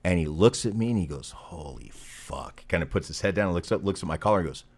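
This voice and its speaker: Guest: middle-aged man, very low voice, swears freely, animated storyteller. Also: rapid-fire. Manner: profane, animated anecdote teller. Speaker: podcast guest. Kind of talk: casual storytelling.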